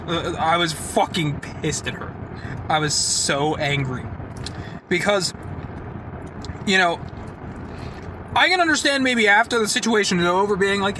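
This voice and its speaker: A man's voice: sits high, lively intonation, normal speed, long pauses, pushed and bright. A young man vlogging a heated, profanity-filled story, rambling and saying "like" a lot, to a camera set down outdoors near traffic. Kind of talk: casual storytelling. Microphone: camera set down nearby.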